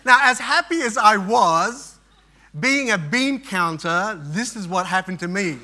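A man's voice: sits high, animated, a little slow, pushed and bright. A middle-aged man pastor preaching, telling a personal story with frequent restarts and fillers. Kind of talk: sermon.

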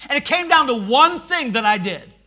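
A male pastor preaching a sermon in church, swinging from shouted swells to hushed, quiet lines. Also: very high-pitched, lively intonation, moderate pace.

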